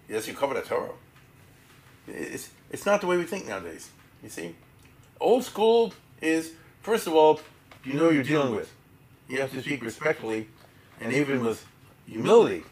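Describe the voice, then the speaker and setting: Older man, Torah lecture, lively swooping pitch, rhetorical asides. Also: brisk, long pauses. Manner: animated, rhetorical questions, yeshivish terms. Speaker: Torah teacher. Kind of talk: lecture on Jewish history.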